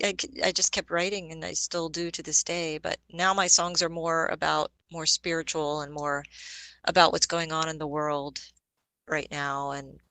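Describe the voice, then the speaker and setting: A woman's voice: low voice, pushed and bright, clear, resonant tone, no echo, rough recording. A woman guesting on a podcast, telling about her music in a chatty way, often laughing and spelling names out. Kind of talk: casual podcast chat.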